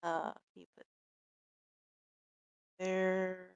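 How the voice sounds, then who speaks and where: Smooth-voiced woman player, dry sound. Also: lowish voice, flat delivery, drawn-out words, no room sound, highs cut off. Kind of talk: casual game table chat.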